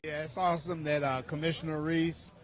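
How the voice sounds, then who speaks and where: A man's voice: on the high side, little pitch movement, fairly quick. A man giving a brief street interview outdoors at an event, speaking in an enthusiastic, admiring way.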